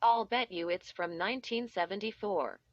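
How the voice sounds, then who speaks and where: A woman voicing a steady, practical boy in a spooky storybook reading, speaking matter-of-factly. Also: medium pitch, moderate pace, no echo, highs cut off, close to an everyday voice.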